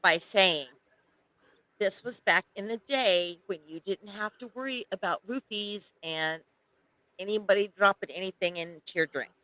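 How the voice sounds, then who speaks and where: Bright, wry woman on a podcast. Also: medium pitch, unhurried, no echo, rough recording. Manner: wry, teasing interjections. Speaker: podcast co-host. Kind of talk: casual chat.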